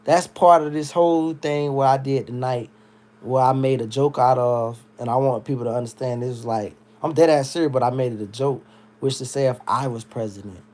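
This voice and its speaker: A man's voice: medium pitch, moderate pace. A drunk American man ranting on a livestream, heated and swearing a lot. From United States. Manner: loud, heated, swearing, animated. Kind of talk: profane livestream rant.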